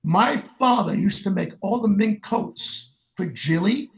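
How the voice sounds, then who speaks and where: Older guy, high voice w a lot of fry, acts out everybody's lines as he tells it. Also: a little slow. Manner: animated, acts out the voices of the people in his stories. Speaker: guest musician. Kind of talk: storytelling in a sit-down interview.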